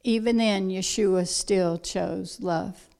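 A woman preaching a sermon, emphatic and unhurried, with soft quiet asides. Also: medium pitch, steady tone, creaky.

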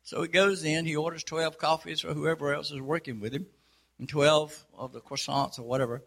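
A man telling a long folksy joke in a casual, unhurried way. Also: a little high, little pitch movement, gravelly, fairly bright tone. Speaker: storyteller.

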